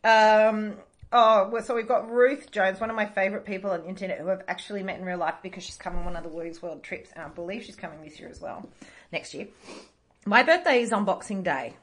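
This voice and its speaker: Australian female podcast co-host, mid-pitched voice, deadpan and cheeky delivery. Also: quick pace. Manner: dry, irreverent, swears casually. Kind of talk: casual chat.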